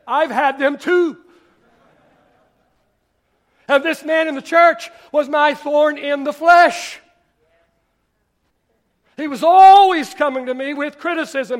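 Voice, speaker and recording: Preaching a sermon in a very high voice, this male pastor repeats phrases to drive points home. He swings between shouted lines and a near murmur.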